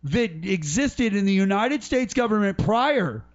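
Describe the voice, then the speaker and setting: A man hosting a podcast, giving casual, mocking political commentary in an animated way. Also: high-pitched, a little slow. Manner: ranting, mocking, animated storytelling. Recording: dull lo-fi podcast audio.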